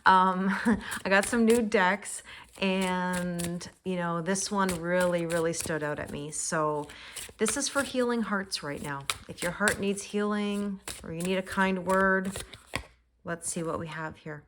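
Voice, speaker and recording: A woman with a lowish voice talks through a weekly tarot reading in a relaxed, reflective way, laughing now and then. Cards shuffle and click clearly in the background. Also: measured pace, noisy background. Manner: reflective, soft-spoken, laughs often. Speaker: tarot reader. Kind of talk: casual spiritual forecast.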